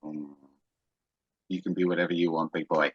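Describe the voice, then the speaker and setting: A man's voice: very deep voice, flat delivery, normal speed, slightly rough, dry recording, muffled recording. A man hosting a casual podcast chat, joking and rambling with frequent laughs. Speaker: podcast host.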